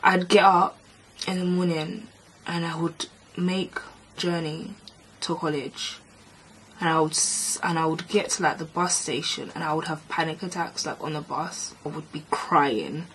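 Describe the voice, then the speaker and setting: A woman telling a personal story to camera in a vlog, animated and re-enacting past arguments. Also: deep voice, a little slow, slight background noise, poor audio. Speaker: vlogger. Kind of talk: storytime narration.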